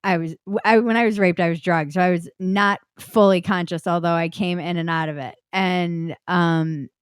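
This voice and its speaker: A woman's voice: fairly low pitch, fairly even intonation, normal speed, clear, resonant tone, no room sound, clean studio sound. A woman guest on a podcast, telling a personal story in a frank, blunt way, loose with fillers.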